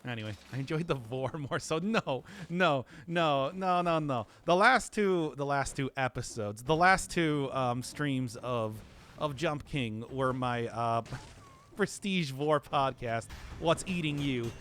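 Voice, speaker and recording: Lively, groggy-voiced man streaming a game. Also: mid-range voice, slow pace. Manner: rambling, laughs often, self-mocking. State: groggy from not talking all day. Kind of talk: casual gameplay commentary.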